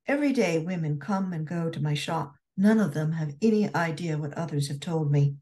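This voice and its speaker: A woman voicing a witty young Scotswoman corset maker, frank and dryly teasing, a little higher than her narration. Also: normal speed, mellow, lightly acted.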